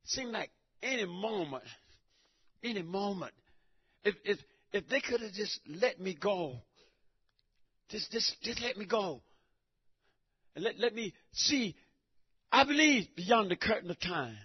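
A man giving a preaching testimony in church, emphatic and repetitive, breaking into shouts. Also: high-pitched, animated, a little slow, long pauses, breathy edge. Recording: dull lo-fi recording.

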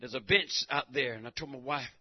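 Man, church testimony, raspy voice, muffled lo-fi recording, emphatic and repetitive. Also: mid-range voice, a little fast. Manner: emphatic, repetitive, bursts into shouting. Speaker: church member giving testimony. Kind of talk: preaching testimony. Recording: dull lo-fi recording.

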